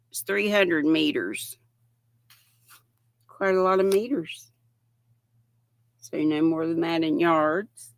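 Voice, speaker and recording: An older woman chats slowly and warmly through a yarn show-and-tell, greeting viewers as she goes. Her voice is bright with a gravelly edge, and the sound is dry and close. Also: low voice, no echo. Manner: chatty, reads viewer comments aloud with affectionate greetings. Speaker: livestream host. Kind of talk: casual chat while showing yarn.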